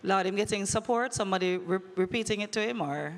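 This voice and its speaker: A woman hosting a quiz at a conference, teasing the crowd in a playful, animated way. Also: medium pitch, quick pace, very noisy. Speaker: conference emcee running a quiz. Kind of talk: lively live event hosting. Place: large conference hall. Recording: long echoey hall reverb.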